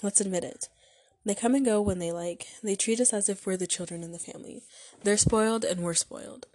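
A woman's voice: medium pitch, a little fast, darkish tone, dry recording, natural voice. A woman reading as an exasperated father. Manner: raised, agitated outbursts. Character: exasperated middle-aged father, indulgent parent.

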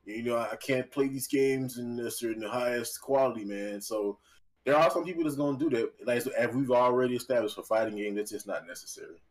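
A man speaking as a guest on a casual gaming podcast. He is animated and joking, with a voice at an ordinary middle pitch. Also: a little fast, rough recording. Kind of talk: casual chat.

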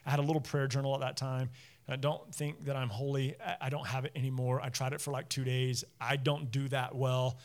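A man's voice: medium pitch, flat delivery, brisk. A man in his thirties or forties, a pastor giving a sermon through chatty personal stories with frequent laughs. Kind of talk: conversational sermon storytelling. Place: church service.

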